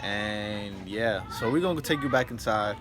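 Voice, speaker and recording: A man's voice: lowish voice, expressive, unhurried, background noise. A young man vlogging casually at home, rambling with lots of fillers as he talks about his car. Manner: rambling, filler-heavy, keeps saying "and yeah". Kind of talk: casual vlog talk. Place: outdoors at home, yard and car.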